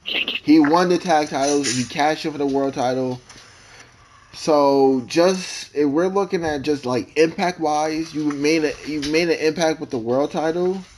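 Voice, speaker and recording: A man co-hosting a casual podcast, talking in a rambling, emotional way with many halting restarts. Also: on the high side, darkish tone, slight background noise, low-quality recording. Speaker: podcast co-host.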